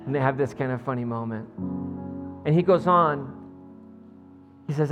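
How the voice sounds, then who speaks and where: A male pastor tells a story in his sermon with animated energy, chuckling along the way. His voice sits at a middle pitch. It rings through a church with a long reverb and faint music in the background. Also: moderate pace, pauses often, lo-fi sound.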